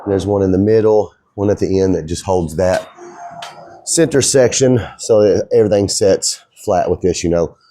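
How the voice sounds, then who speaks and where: Easygoing middle-aged guy rambling in his shop, lowish voice, dry sound. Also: normal speed, dark tone, no echo. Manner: easygoing, rambling, folksy talk. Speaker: shop owner and fabricator. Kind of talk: casual shop vlog. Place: workshop.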